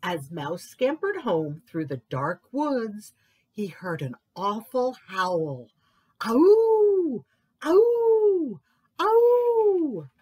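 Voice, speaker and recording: Animated woman reading a children's story. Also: medium pitch, husky. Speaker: librarian.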